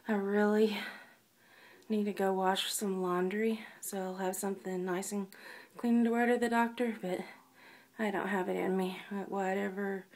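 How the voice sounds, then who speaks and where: Woman, gravelly, out of breath, soft-spoken, slips into whispers, lying down at home, video diary. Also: mid-range voice. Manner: tired, soft-spoken, often drops to a whisper. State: weak and out of breath. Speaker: vlogger.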